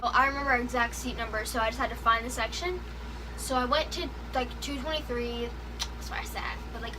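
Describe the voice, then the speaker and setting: High-voiced young woman gushing over a concert. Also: background noise. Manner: gushing, heavy use of "like", acts out quotes. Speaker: concert fan vlogger. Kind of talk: excited storytelling vlog. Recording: music playing clearly behind her.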